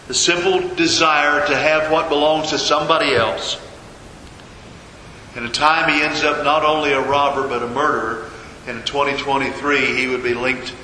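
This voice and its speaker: A man preaching a sermon as a pastor, telling a story with dramatic pauses and repetition. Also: a little high, sharp tone. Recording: echoey hall with long reverb, faint noise.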